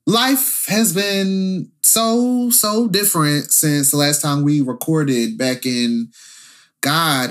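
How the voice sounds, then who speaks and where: A young man on a chatty podcast, his pitch leaping up and down as he tells a story. He talks loosely and rambles, full of fillers and swearing. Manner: animated storytelling, frequent fillers and profanity. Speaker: podcast co-host. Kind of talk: casual podcast chat.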